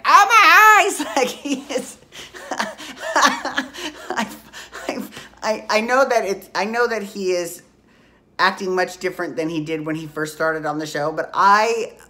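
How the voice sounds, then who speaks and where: A woman's voice: deep voice, a bit bright. A woman hosting a casual soap opera recap podcast, chatty and blunt, swearing freely as she talks through the week's episodes.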